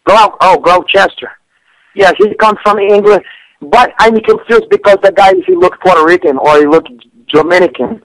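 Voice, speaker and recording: Man, high voice, broken english, stammers, dry studio sound. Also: moderate pace, no echo, poor audio. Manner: broken English, stammering restarts, excitable pitch jumps. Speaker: fight picks guest. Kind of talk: comedic radio chat. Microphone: studio radio mic.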